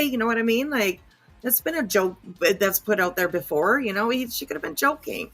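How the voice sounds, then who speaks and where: A woman's voice: a little high, animated, brisk, a bit bright. A woman hosting a podcast, giving blunt, indignant reaction commentary on a played clip and swearing freely. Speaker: podcast host.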